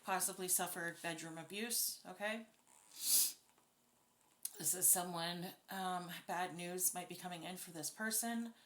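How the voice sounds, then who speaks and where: A woman talks through a tarot spread in a bright voice. She reads casually and bluntly, swears freely and sounds openly indignant. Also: fairly low pitch, unhurried, a little hiss or hum. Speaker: tarot reader. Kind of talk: casual spoken tarot reading.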